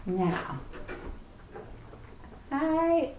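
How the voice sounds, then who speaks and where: Librarian woman, preschool storytime read-aloud, slow unhurried pace, playful questions to kids, echoey room. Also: high-pitched, a little hiss or hum. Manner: animated, playful, asks children questions. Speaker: children's librarian.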